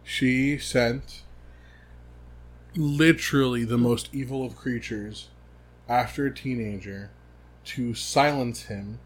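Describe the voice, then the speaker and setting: A man co-hosting a casual book podcast, calmly summarizing the plot and agreeing with short replies. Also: medium pitch, slow, pauses often, husky. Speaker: podcast co-host. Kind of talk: casual book recap chat.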